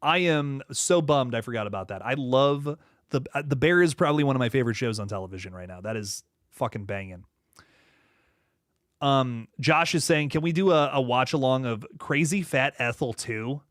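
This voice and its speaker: A man's voice: lively intonation, moderate pace, fairly bright tone, no echo. Young male streamer, mid-range voice, dry close mic, easygoing, laughs a lot. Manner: laid-back, laughs often, trails off into low asides. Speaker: horror channel host reading live chat. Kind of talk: casual livestream chat.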